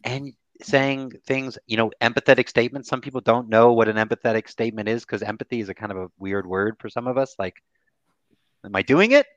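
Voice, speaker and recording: Animated man on a dull, dry recording. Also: mid-range voice, fast talker, few pauses, no echo. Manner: animated, acts out quoted voices, swears casually. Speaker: grief therapist guest. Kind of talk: candid podcast conversation.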